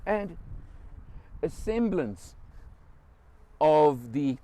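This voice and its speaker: South african guy showing off a car, enthusiastic, lots of ups and downs in his voice, bit high. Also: expressive, extremely slow, dark tone. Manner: enthusiastic, pointing out features. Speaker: car reviewer. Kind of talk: casual walkaround car review.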